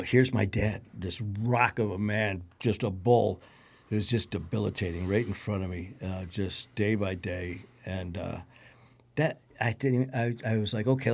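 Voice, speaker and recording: A man with a Detroit accent, a podcast guest recounting a personal story in a low-key, conversational way. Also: darkish tone. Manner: gravelly, low-key storytelling with acted quotes.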